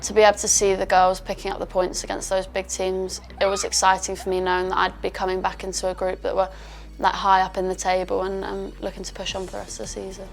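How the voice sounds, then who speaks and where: Flat, gravelly young woman footballer. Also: medium pitch, fast, few pauses, soft background music. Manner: reflective, casual with fillers. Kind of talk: interview about returning from injury.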